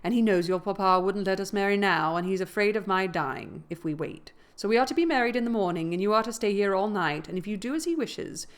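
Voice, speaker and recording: A woman's voice: mid-range voice, lively intonation, brisk, few pauses, close to an everyday voice. A woman reading aloud, voicing a sickly, selfish teenage boy who sounds whiny and demanding. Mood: matter-of-fact.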